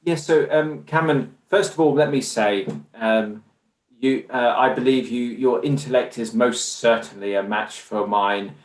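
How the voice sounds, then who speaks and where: A man's voice: medium pitch, a little slow. A man with an English accent, a guest in a conversational interview, talking in an earnest, discursive way. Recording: roomy echo.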